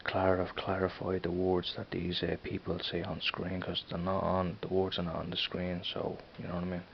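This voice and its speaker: A man's voice: deep voice, monotone, normal speed, creaky, muffled recording, a little hiss or hum. A man with a Dublin accent chatting casually in a home vlog, rambling and repeating "you know what I mean". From Ireland. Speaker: vlogger. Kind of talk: casual accent tag video.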